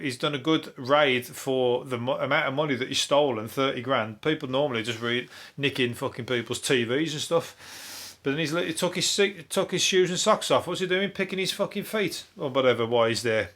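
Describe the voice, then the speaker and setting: Sweary rambling Brummie comic. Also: male voice, on the high side, brisk, few pauses, fairly bright tone. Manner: sweary, rambling, laughs at own jokes. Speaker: podcast host. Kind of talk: comedic news review.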